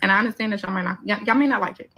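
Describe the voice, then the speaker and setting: A woman's voice: medium pitch, racing, sharp tone, poor audio. A woman giving an emphatic opinion monologue, making numbered points in blunt, profane slang. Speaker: commentator.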